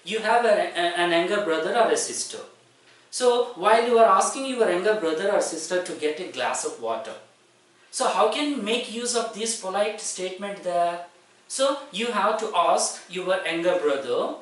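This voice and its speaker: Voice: medium pitch, animated, normal speed. A teacher, explaining polite phrasing step by step and rephrasing points often. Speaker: English teacher. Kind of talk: explanatory lecture. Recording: very echoey room, voice from far off.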